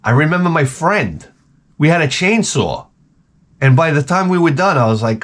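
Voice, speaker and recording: A man's voice: fairly high pitch, lively intonation, moderate pace. A middle-aged man, host of his own channel, telling rambling comic stories in a profane, ranting way. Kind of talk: rambling comedic monologue.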